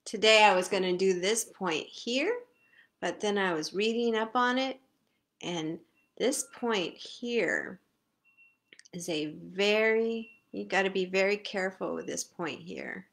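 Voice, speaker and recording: A woman leading a live guided face massage session, giving slow, soothing step-by-step cues. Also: medium pitch, gravelly, a bit bright. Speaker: self-care instructor.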